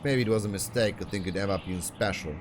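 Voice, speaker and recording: A man reading lines for a scornful, abusive talent manager in a game, fairly low voice. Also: quick pace, background noise, lightly acted. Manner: scornful, bullying. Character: abusive middle-aged male talent manager, bullying.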